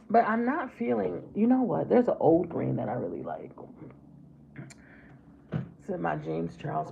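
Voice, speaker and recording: A middle-aged woman chatting casually with her viewers while doing her makeup, warm to them and calling them babe. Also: low voice, vocal fry, narrow, tinny audio, slight background noise. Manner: chatty, affectionate, calls viewers babe and baby. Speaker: livestream host. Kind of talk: casual makeup livestream chat.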